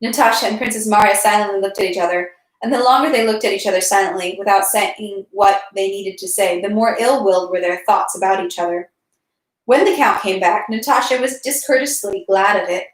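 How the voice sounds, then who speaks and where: A woman reading a classic novel aloud in a steady voice, with occasional slips and self-corrections. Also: medium pitch. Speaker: reader. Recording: echoey room.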